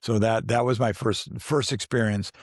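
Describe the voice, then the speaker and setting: A man's voice: lowish voice, fairly even intonation, moderate pace, dry recording, clean studio sound. A man in his sixties, an actor as a guest, telling stories in a casual interview, rambling, restarting often and laughing as he goes. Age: 60s.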